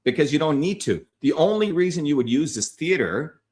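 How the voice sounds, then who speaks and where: A man's voice: on the high side, sing-song, brisk, a little mellow. A man hosting a livestream, delivering a heated, profane, combative rant at his viewers. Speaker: livestream host.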